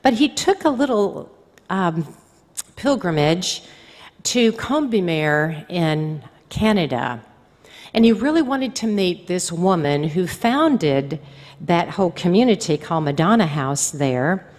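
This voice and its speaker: A woman's voice: fairly low pitch, big pitch swings, slow, darkish tone. A woman, a religious sister, giving a conversational storytelling talk to a convention audience. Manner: conversational storyteller, acts out quoted speech. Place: large hall. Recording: reverberant hall.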